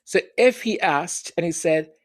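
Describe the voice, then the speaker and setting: Brief: opinion commentary host, unhurried, sarcastic and emphatic, mid-pitched. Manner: sarcastic, rhetorical questions, emphatic.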